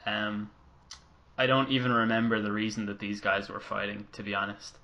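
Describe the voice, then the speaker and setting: A man's voice: on the low side, flat delivery, normal speed, bright, forceful tone. A man co-hosting a wrestling podcast in casual chat, telling stories with easy swearing. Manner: chatty storyteller, casual swearing. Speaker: podcast co-host.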